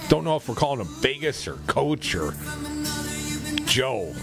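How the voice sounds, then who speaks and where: A man's voice: mid-range voice, unhurried, gravelly, over music. A man from co-hosting a political talk radio show, reading news with sarcastic asides. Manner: sarcastic, animated, reads news items with quips.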